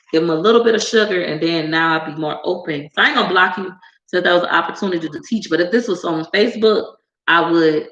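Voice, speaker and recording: A woman YouTuber in casual, sassy talk with viewers, animated and quick to put on voices when she quotes people. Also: vocal fry, echoey room, dull audio. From United States. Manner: animated and sassy, jumps into high squeals when acting out others. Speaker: YouTuber answering viewer comments. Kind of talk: casual chat to camera.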